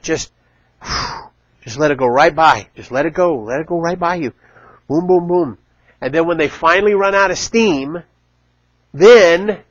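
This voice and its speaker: A middle-aged man giving a casual church talk, chatty and animated, acting out quotes as he tells stories. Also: fairly high pitch, no echo, lo-fi sound. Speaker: church teacher. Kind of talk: casual sermon.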